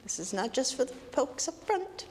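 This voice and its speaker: A woman's voice: high voice, big pitch swings, moderate pace, a little mellow. A woman leading a playful children's message in a congregation, teasing and sing-song as she talks with the kids. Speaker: minister leading a children's story time. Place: sanctuary of a congregation. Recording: long hall reverb, faint ambient noise.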